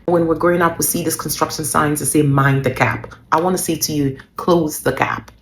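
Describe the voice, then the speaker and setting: A woman's voice: low-pitched, fairly even intonation, brisk, echoey room, a little hiss or hum. A woman giving a motivational Christian talk as a business coach, emphatic and repeating phrases for stress, often laughing mid-sentence. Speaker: faith-based business coach.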